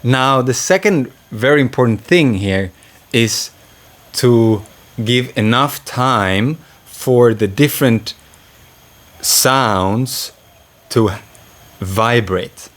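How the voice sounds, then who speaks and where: A man with a mid-range voice leads a slow, unhurried lesson on breath and voice. He speaks gently and stops to let breaths and sighs be heard. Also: mid-range voice. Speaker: voice and breathwork teacher. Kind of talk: calm spoken lesson.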